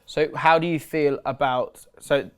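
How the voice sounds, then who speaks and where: A man co-hosting a podcast, chatting casually about football and telling stories, often cutting in with quick remarks. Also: a little high, fairly even intonation, clean tone. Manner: chatty, laughing storyteller who interjects often. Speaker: podcast co-host.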